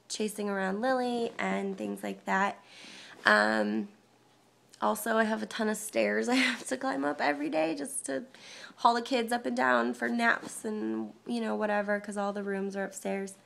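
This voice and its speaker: A young woman records a casual update on her phone at home, her voice stuffy and congested from a cold. Her tone sits mid-range with a gravelly fry, and she wanders from point to point with plenty of ums and soft laughs. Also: mid-range voice. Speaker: vlogger. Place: parents' house, indoors.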